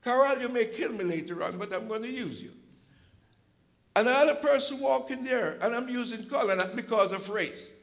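A male preacher giving an impassioned sermon, telling stories from his church's food pantry and at times rising to a shout. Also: very high voice, normal speed, gravelly, rough recording. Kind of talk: sermon with storytelling.

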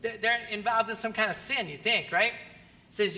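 A man preaching a sermon as pastor, animated and often asking the audience questions. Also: high-pitched, normal speed. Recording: long hall reverb.

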